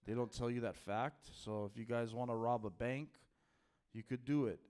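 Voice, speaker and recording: A man doing stand-up on a club stage, delivering absurd claims in a low-key, deadpan way. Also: normal speed, smooth. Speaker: stand-up comedian. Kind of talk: stand-up comedy set.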